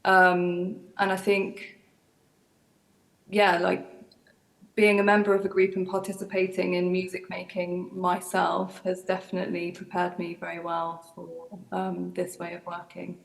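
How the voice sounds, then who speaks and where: Flat, gravelly young woman composer. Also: fairly low pitch, measured pace, rough recording. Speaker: composer on a panel. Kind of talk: panel answer.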